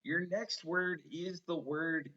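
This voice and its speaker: A man teaching an online phonics lesson to children, slow and encouraging, stretching out each sound. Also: a little high, fairly even intonation, pushed and bright. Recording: slightly dull lo-fi online lesson audio.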